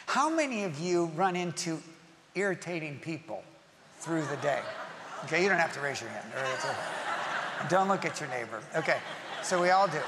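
Man, pastor, sermon, playful and animated, faint room noise. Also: fairly high pitch, normal speed, pauses often. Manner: animated, acts out quoted voices and jokes with the congregation. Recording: long reverb of a large hall, faint ambience.

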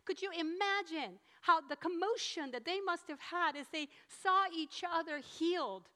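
Female preacher, high and bright, emphatic and animated sermon delivery. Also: a little slow.

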